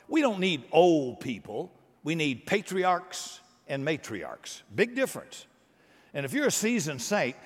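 A man preaching a sermon, animated and conversational, acting out voices and joking with the congregation. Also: a little high, big-room sound. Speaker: pastor.

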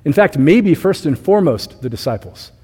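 A young male pastor delivers a sermon in a loose, conversational style, full of playful asides. His voice is mellow and a little husky. It rings out with the long reverb of a church sanctuary. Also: on the high side, animated, normal speed.

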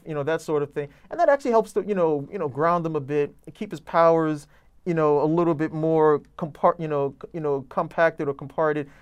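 A man's voice: on the high side, clear, resonant tone. A man reviewing comic books in casual chat, enthusiastic and rambling with lots of fillers.

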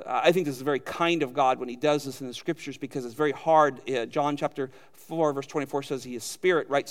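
A man preaching from the pulpit in a fairly high voice. He is animated and acts out quoted voices as he teaches. The sound has a long reverberant tail. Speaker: pastor. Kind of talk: sermon.

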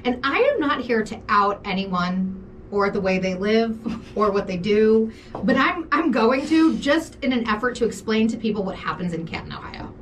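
A woman co-hosting a podcast, telling a story in casual chat, animated and laughing, swearing freely. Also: mid-range voice, normal speed, far from the mic, slight background noise. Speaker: podcast co-host.

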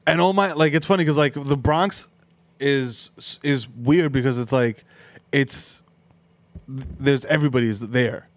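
A man's voice: mid-range voice, unhurried. A man, a comedian hosting a podcast, rambling with lots of fillers. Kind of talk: casual chat.

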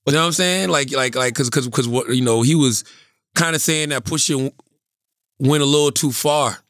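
An emphatic man co-hosting a podcast, giving his opinions in an animated, conversational way. His voice sits at a middle pitch. The sound is close and dry, with no room around it. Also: moderate pace, no room sound. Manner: animated, emphatic, leans on "you know what I'm saying". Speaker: podcast co-host. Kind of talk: casual podcast chat.

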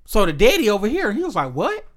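In a relaxed, casual chat, a man with a high voice talks fast, bluntly, and with emphasis. He tells stories and quotes the people in them.

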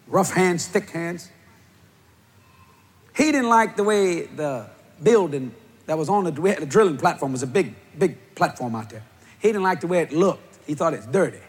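A man with a Cajun accent preaching a comedic sermon, telling stories loudly and often breaking into shouts. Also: sits high. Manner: animated, loud storytelling with bursts of shouting. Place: church hall before a live audience.

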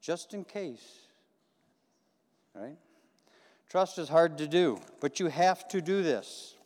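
Folksy preacher with a highish voice. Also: male voice, animated, slow, darkish tone. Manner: folksy, repetitive, asks the congregation questions. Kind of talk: conversational sermon. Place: church sanctuary. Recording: long hall reverb.

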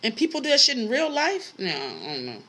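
A woman's voice: on the high side, wildly swooping pitch, fairly quick, a bit bright, slightly rough. Profane, incredulous woman podcaster. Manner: blunt, profane, incredulous, laughs often. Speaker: podcast host. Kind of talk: casual solo podcast rant.

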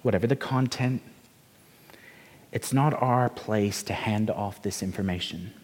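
A man's voice: fairly low pitch, a little slow, a little mellow. A man preaching a sermon, telling a story and asking the congregation rhetorical questions in a conversational way. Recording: reverberant hall.

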